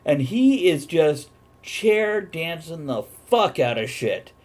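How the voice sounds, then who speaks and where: A man's voice: fairly high pitch, slow. Man telling a casual story. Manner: animated anecdote with casual swearing. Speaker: host of a live talk stream.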